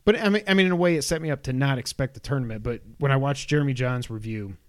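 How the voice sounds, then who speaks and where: A man chatting casually about a film, animated and rambling, often mimicking lines from it. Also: medium pitch, quick pace. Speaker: co-host reviewing a film. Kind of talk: casual chat.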